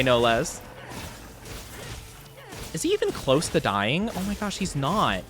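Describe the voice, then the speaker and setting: Young male streamer, lively and excitable, pitch on the high side. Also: a little slow, pauses often, faint music behind. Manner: playful, excitable, reacts loudly to chat. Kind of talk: casual game livestream chat.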